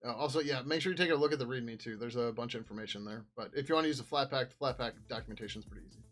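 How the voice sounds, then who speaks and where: A man of ordinary mid-range pitch talks through his code on a live stream in a loose, offhand way. He trails off, restarts and swears casually as he goes. Soft music plays faintly behind him. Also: racing. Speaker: software developer streaming his work.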